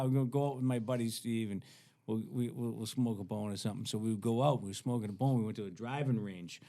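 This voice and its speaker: A middle-aged man telling funny stories on a podcast, animated and laughing as he acts out the people in them. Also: medium pitch, quick pace. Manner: animated, laughing storyteller doing voices of others. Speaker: guest. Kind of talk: casual storytelling. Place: podcast studio.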